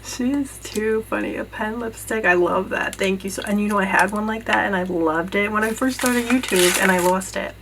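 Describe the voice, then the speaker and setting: A woman vlogger gushing over gifts in a casual unboxing video, bursting with excitement and often dropping to a hushed voice. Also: mid-range voice, moderate pace, gravelly, hardly any pauses, noisy background. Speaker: beauty vlogger. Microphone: camera mic.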